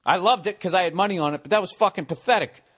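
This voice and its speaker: Casting: male podcast comedian, slightly high voice, profane and ranting, in his forties. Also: very fast. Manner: profane, ranting, animated storytelling. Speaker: podcast host.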